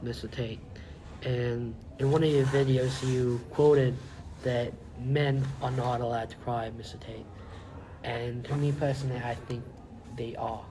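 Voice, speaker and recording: A man's voice: mid-range voice, noisy background, close to an everyday voice. A man playing a fawning talk-show interviewer. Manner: rambling questions full of fillers and flattery. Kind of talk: amateur comedy skit.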